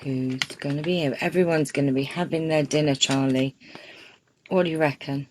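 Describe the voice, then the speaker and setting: A woman's voice: low voice, steady tone, normal speed, noisy background. A woman hosting a casual crafting live stream, chatty and gushing, greeting viewers by name as she unboxes gifts. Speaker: crafting channel host.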